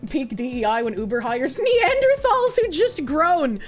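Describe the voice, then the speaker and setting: On a livestream, a woman chats casually, reads posts aloud, and tells an animated story where she plays both sides. Her voice is high and unhurried, with faint music behind her.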